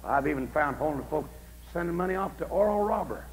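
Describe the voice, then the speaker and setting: A man preaching a camp meeting sermon, telling folksy stories and swinging from soft asides to shouting, on an old recording with a faint hum. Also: on the high side, very animated, moderate pace, poor audio. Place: camp meeting, outdoors or in a tabernacle.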